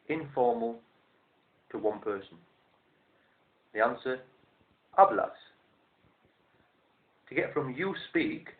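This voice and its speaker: A man teaching a language lesson, explaining step by step in a measured, methodical way and repeating each form slowly. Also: medium pitch. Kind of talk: instructional explanation. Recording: roomy, tinny phone-like sound.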